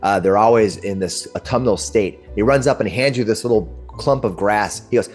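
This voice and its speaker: A man's voice: on the low side, moderate pace, darkish tone, soft background music. A man narrating as game master, describing scenes in a meandering, searching way. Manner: descriptive and meandering, with frequent restarts.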